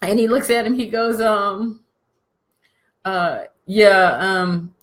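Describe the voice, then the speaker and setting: Animated, slangy woman telling a story. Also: a little high, takes it slowly. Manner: animated, slangy, laughs often. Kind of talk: comic storytelling talk.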